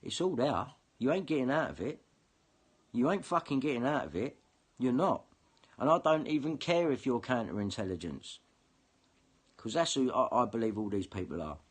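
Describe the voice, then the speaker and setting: A man's voice: medium pitch, expressive, moderate pace, breathy edge. A man ranting angrily and swearing in a monologue to camera. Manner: heated, sweary, confrontational. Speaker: vlogger.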